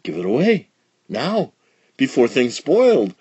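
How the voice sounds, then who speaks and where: A man's voice: fairly high pitch, sing-song, measured pace, gravelly, warm tone, slightly rough, lo-fi sound, pitched above the performer's own voice, exaggerated voice. A man reading aloud and voicing a plucky, generous little girl in a storybook. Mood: earnest.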